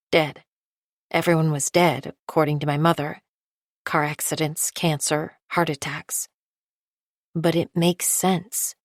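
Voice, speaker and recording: A woman reading a first-person thriller audiobook in a measured, low-key way. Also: dry recording, clean studio sound. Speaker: audiobook narrator. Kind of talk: scripted first-person narration.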